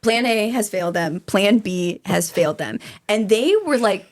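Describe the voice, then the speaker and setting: Swearing, animated woman telling a crime tale. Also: mid-range voice, normal speed. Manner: animated, swears freely, laughs mid-sentence. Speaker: podcast co-host telling a true crime story. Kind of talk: casual true crime storytelling.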